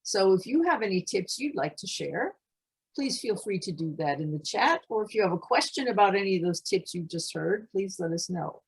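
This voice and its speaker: A woman's voice: medium pitch, expressive, moderate pace, slightly rough, low-quality recording. A middle-aged woman moderating an online panel over a video call, chatty and friendly, laughing between remarks. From United States. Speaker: forum moderator.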